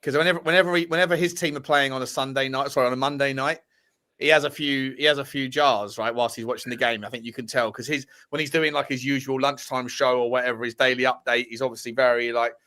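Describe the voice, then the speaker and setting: A man's voice: mid-range voice, steady tone, fast, sharp tone. A man co-hosting a casual football podcast, talking in a chatty, rambling way. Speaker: podcast co-host.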